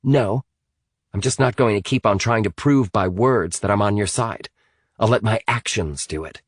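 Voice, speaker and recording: A man voicing a sharp-tongued teenage girl with a brisk way of talking. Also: lowish voice, no echo, clean studio sound, natural voice. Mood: earnest.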